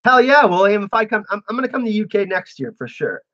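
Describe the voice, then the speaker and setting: A man's voice: high voice, big pitch swings, quick pace, fairly bright tone, dull audio. A man hosting a casual livestream, chatting with viewers and reading out their messages, laughing often. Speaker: livestream host.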